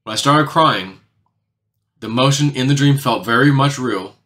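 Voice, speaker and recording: A channel host with a bright, ringing voice tells his audience about a dream in a long, casual monologue. He moves at a moderate pace, rambling loosely and leaning hard on "you know." To stress a point, he often drops lower and quieter.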